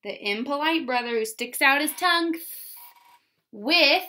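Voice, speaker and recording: A woman teaching a phonics lesson to first graders, sounding words out slowly. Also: sits high, expressive, pushed and bright. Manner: slow, exaggerated sounding-out of words. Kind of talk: phonics lesson for young children.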